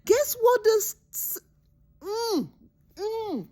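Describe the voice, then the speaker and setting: A woman casually retelling a movie's plot in a vlog, animated and dramatic, jumping into high voices to act out the characters. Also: drawn-out words. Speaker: movie reviewer.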